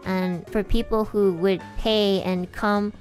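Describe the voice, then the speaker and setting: A woman's voice: mid-range voice, steady tone, slow pace, a little mellow, soft background music. A woman livestreamer in casual chat, rambling with lots of "like" and swearing freely, emotional and sometimes cracking.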